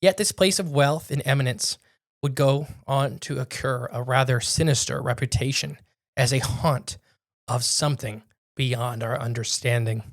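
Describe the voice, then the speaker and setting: This young podcast co-host has a gravelly, mid-range voice and talks at normal speed. He narrates a spooky tale in a rambling, casual way, with many restarts and self-corrections.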